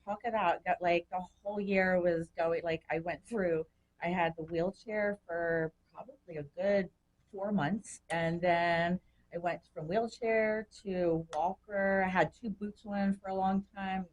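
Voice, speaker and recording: A woman guest on a recovery podcast, telling her story in a chatty, animated way and acting out the voices of people she quotes. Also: fairly low pitch, a little slow, muffled recording, slight background noise. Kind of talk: personal storytelling.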